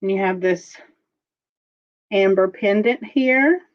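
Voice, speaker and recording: A woman hosting a casual live-streamed jewelry auction, chatting slowly as she describes pieces and calls out viewer bids. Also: medium pitch, highs cut off.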